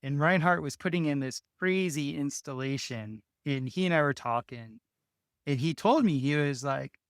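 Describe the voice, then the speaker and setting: Guy rambling through a story, smooth clear voice, dry close sound, keeps restarting. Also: fairly high pitch, normal speed, no echo. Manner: rambling, restarts often, laughs between phrases. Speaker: interview guest, artisan dome builder. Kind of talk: casual conversational storytelling.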